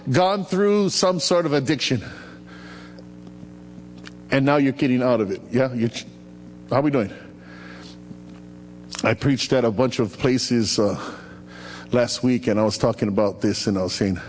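A man preaching a sermon as pastor, animated and playful, calling out to his congregation and asking them to repeat after him. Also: mid-range voice. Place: church hall. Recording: echoey hall with faint hum.

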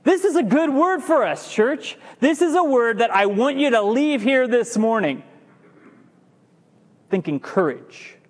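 Man, pastor, sermon, very high voice, animated delivery, stumbles and restarts, church hall reverb. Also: a little slow. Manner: lively preaching, stretches key words, stumbles and restarts. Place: church sanctuary.

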